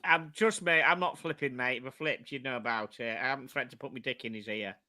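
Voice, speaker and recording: Blunt, excitable man, bright voice. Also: medium pitch, fast talker. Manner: blunt, swearing, pushy and excitable. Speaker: co-host. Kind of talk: casual chat.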